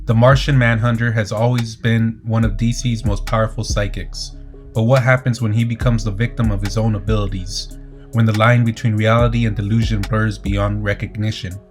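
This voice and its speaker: A man narrating a comic book story recap in a steady, dramatic scripted delivery. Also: lowish voice, moderate pace. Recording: faint music underneath.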